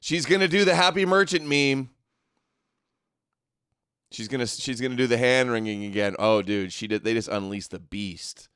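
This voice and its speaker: Man, livestream host, sarcastic, smooth clear voice, dry. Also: medium pitch, normal speed, long pauses, a bit bright, no echo. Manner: sarcastic, mocking asides. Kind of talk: livestream commentary.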